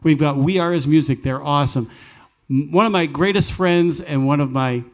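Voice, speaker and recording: A man's voice: on the high side, moderate pace. Folksy man hosting a show. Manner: earnest, emphatic, jokey asides. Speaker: host of a live music night. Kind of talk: folksy storytelling with preaching. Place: live cafe music venue.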